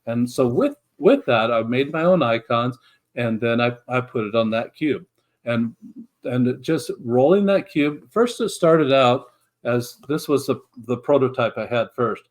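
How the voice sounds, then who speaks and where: A man's voice: medium pitch, lively intonation, unhurried. A middle-aged man, a guest in an interview, telling his story in an earnest, reflective way with frequent restarts. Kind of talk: conversational storytelling.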